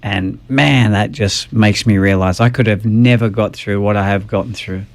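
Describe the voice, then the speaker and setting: A man's voice: fairly low pitch, steady tone, normal speed. A man, a podcast guest sharing his faith story in an earnest, emotional way. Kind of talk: personal testimony in a podcast interview.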